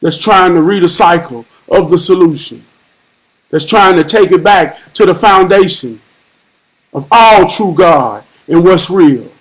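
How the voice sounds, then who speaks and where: A man talking slowly into a live stream, his voice sitting noticeably high for a man. He preaches with blunt profanity and repeats phrases in a rhythmic, sermon-like way, now and then breaking into a shout. His drawn-out pacing gives it a lingering, heavy feel. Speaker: livestream host. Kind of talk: motivational live-stream monologue.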